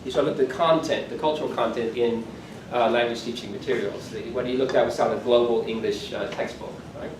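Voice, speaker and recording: A man's voice: medium pitch, fairly even intonation, a little fast, background noise. A man in his sixties giving a conference keynote lecture, talking conversationally with self-deprecating asides. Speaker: keynote speaker. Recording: echoey hall from far off, faint room ambience.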